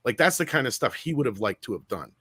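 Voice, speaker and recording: A man hosting a casual podcast discussion, telling stories in an animated way and swearing freely. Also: mid-range voice, quick pace, slightly rough, no room sound, clean studio sound. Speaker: show host.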